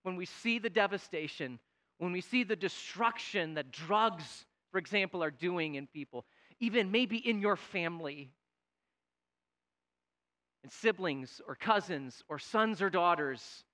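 A man preaching a sermon, swinging between loud, pleading outbursts and quiet, weighty emphasis. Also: sits high, lively intonation, measured pace. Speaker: pastor.

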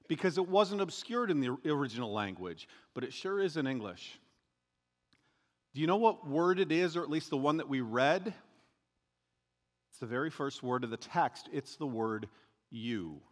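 Lively pastor preaching in an echoing hall. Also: male voice, on the high side. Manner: conversational, joking asides, animated emphasis. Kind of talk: sermon. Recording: long hall reverb.

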